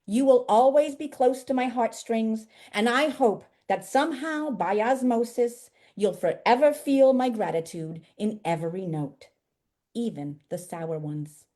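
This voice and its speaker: A woman's voice: fairly high pitch, unhurried, dark tone, lightly acted. Woman doing a sweet old Brooklyn piano. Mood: fond, grateful. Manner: grateful, gushing letter voice. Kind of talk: reading a poem aloud.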